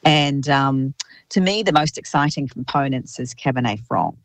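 Nz lady winemaker chatting, lots of ums, flat dry sound. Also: extremely low pitch, moderate pace, no room sound. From New Zealand. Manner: warm, thoughtful, many ums and restarts. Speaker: winemaker guest. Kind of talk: casual radio interview by phone.

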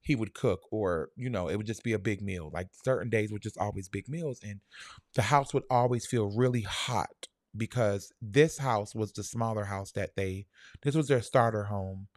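A young man telling a personal childhood story in a soft, halting, reflective way, full of fillers. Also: fairly low pitch, no echo, studio quality.

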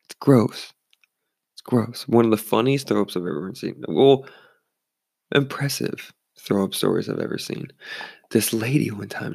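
A man's voice: medium pitch, gravelly, darkish tone, no echo, studio quality. A young man who works as a bartender, telling rambling bar stories in a casual, swearing way and acting out the people he quotes. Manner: rambling, swears freely, acts out quoted voices. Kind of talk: casual storytelling.

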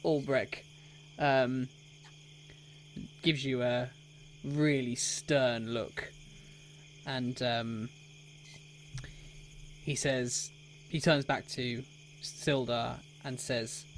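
A man narrating an improvised tabletop game as game master, in a relaxed and hesitant way with many fillers. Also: mid-range voice, extremely slow, pauses often, a little hiss or hum.

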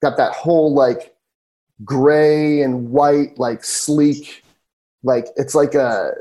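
A man's voice: medium pitch, fairly even intonation, slow pace, dark tone, low-quality recording. A man reading a casual, chatty ad on a podcast in an upbeat way. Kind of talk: casual host-read ad.

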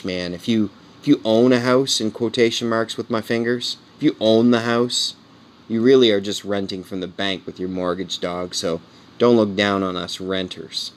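A man's voice: lowish voice, steady tone, moderate pace. A man in his forties, a comedian, talking in a casual, candid monologue and tossing in "man" and "you know" as he rambles. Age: 40s. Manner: earnest and heartfelt. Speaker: comedian podcast host.

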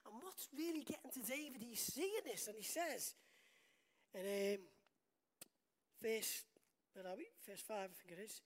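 A woman delivers a sermon in a chatty, conversational way, turning often to the congregation with rhetorical questions. Her voice sits slightly high for a woman. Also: animated, unhurried, long pauses. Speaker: preacher.

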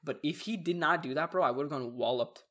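A young man in relaxed conversation, his voice sitting a little high. He talks in a laid-back, reflective way and drops short quips. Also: brisk, over a noisy crowd. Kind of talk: casual storytelling chat.

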